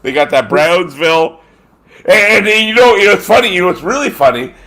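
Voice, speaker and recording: A man's voice: high voice, expressive, a little fast, pushed and bright. This is a man hosting a loose, casual talk show in a slightly raised voice. He rambles and swears freely. He keeps losing names and filling the gaps with ums and uhs. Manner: rambling and profane, gropes for names with many fillers. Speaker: podcast host. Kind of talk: casual chat.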